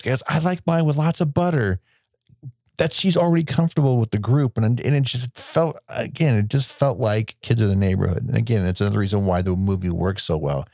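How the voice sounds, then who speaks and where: A man's voice: lowish voice, gravelly, darkish tone, no echo, studio quality. A man chatting about a film on a podcast, enthusiastic and rambling, swearing freely. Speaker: podcast co-host. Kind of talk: casual movie discussion.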